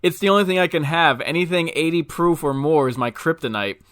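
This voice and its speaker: A man voicing a sly, boozy space-alien bloodsucking critter in a put-on Irish accent, talking quick and cocky. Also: on the high side, fairly bright tone, dry recording, clean studio sound, pitched above the performer's own voice, natural voice.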